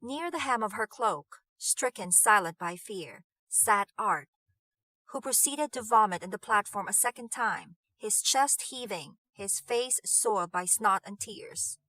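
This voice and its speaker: Bright-voiced woman reading an audiobook. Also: mid-range voice, no echo. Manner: measured and expressive. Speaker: audiobook reader. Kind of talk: audiobook narration.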